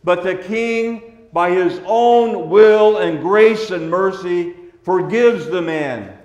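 A man preaching a sermon as a pastor, swinging between hushed, tender passages and loud, forceful ones. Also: high voice, takes it slowly, reverberant, lo-fi sound.

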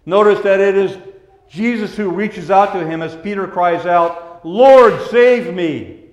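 A man preaching a sermon in a gentle, pastoral way, dropping to hushed tones and then rising to emphatic lines. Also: sits high, steady tone, a little slow, reverberant. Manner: gentle, pastoral, swinging between soft hushed passages and raised emphatic ones.

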